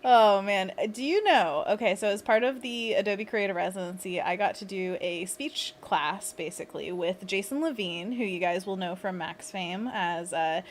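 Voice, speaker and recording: A woman's voice: mid-range voice, normal speed, hardly any pauses, a little hiss or hum. A woman hosting a casual livestream, chatting and giggling as she plans designs and leads viewers through a hand stretch. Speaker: livestream host.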